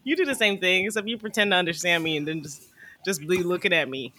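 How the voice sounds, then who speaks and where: A woman's voice: on the low side, fast talker, sharp tone, slight background noise. A woman co-hosting a podcast in casual chat, teasing her friend and acting out funny stories. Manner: teasing, playful storyteller. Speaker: podcast co-host.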